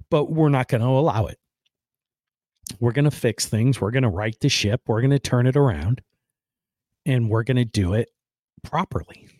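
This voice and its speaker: A podcast host with a mid-range, darkish male voice rambles through a blunt opinion monologue, peppering it with "right?" and "man." He swears casually, then apologizes for it. The recording is dry and studio-clean.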